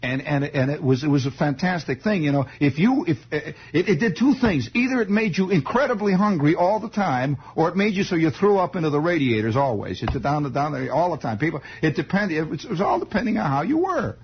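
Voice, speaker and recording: A man's voice: fairly high pitch, very animated, fairly quick, few pauses, slight background noise. A man hosting a radio show who tells a rambling, digressive childhood story and chuckles as he goes. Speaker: radio host. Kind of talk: improvised radio storytelling monologue. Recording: dull lo-fi 1960s radio broadcast.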